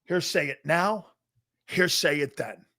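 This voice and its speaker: A middle-aged man hosting a live sports talk show, ranting loudly and profanely about football. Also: a little high, a little slow, noisy background. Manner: loud, profane and animated, mocking others in put-on voices. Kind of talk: unscripted sports rant.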